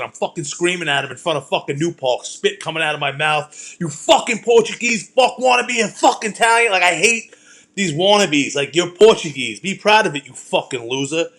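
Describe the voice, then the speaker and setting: Hosting his own show, a middle-aged podcaster from Brooklyn, New York, spins heated, profane, rambling stories in a casual manner. His voice is fairly high for a man and a bit bright.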